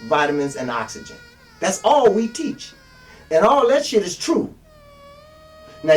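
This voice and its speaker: A man preaching bluntly with heavy swearing, jumping from loud peaks down to low mutters. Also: recorded from a distance. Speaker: street preacher. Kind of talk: profane motivational sermon.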